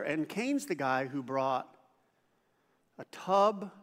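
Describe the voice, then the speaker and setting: High-voiced pastor preaching in a reverberant hall. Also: male voice, pushed and bright. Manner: conversational, asks the audience questions, acts out quoted voices. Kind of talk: sermon. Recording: church hall with long reverb.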